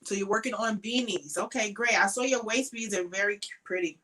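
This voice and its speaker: A woman's voice: medium pitch, a little fast, sharp tone, rough recording. A woman hosting a casual crochet livestream from her home craft shed, chatting to viewers by name, tired and sleepy, with frequent ums.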